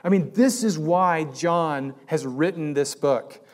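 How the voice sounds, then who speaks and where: A man's voice: on the high side, takes it slowly, darkish tone. A man preaching a sermon in a conversational way that rises to emphatic peaks. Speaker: pastor.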